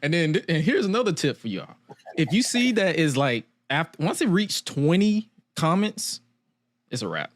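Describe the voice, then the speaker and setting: Man, around 30, fairly high voice, dry close sound, slangy, rambling chat. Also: big pitch swings, normal speed, no room sound. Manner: rambling, laughs often, slangy. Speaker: podcast host. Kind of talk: casual chat.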